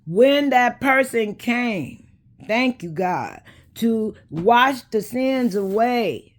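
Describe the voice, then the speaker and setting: A woman, hosting a casual talk and speaking in an unhurried, preachy way that addresses viewers directly. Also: a little high, very animated. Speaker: host.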